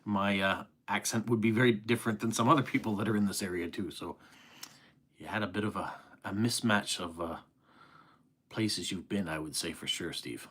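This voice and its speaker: Chatty East Coast Canadian man, low voice. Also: normal speed, fairly bright tone, slightly rough. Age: middle-aged. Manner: friendly, chatty, reads viewer comments aloud. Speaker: live stream host. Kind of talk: casual live-stream chat reading comments.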